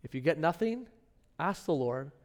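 A middle-aged man preaches to his congregation in a fairly high voice. He tells stories conversationally, with his pitch and volume jumping up when he gets animated. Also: moderate pace. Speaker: pastor. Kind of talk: sermon.

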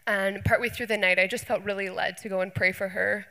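A woman's voice: medium pitch, little pitch movement, fairly quick, hardly any pauses, pushed and bright. A young woman youth pastor sharing testimonies with her church, earnest and enthusiastic, with plenty of fillers. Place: church hall. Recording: church hall reverb.

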